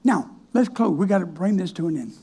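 A man's voice: high voice, lively intonation, a little fast, warm tone, husky. A male pastor preaching in a folksy, colloquial way, telling stories from his counseling work. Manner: folksy, colloquial, switches between quoted voices. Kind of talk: folksy sermon storytelling.

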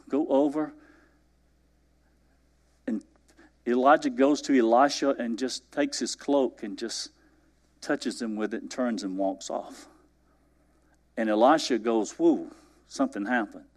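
A man's voice: mid-range voice, a little slow, pauses often. A man preaching a sermon, retelling scripture with acted-out dialogue and questions to the congregation. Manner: animated storytelling, acting out biblical dialogue.

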